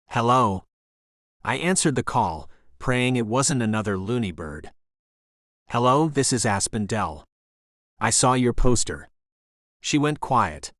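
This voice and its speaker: A man reading a first-person romance audiobook in an even, measured way. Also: mid-range voice, no room sound, clean studio sound. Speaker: narrator.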